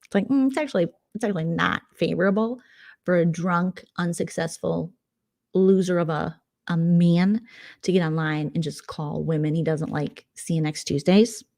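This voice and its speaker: A woman vlogger gossiping casually, sarcastic and prone to tangents. Her voice sits on the low side for a woman. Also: fairly even intonation, normal speed, creaky, mellow. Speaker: vlogger host.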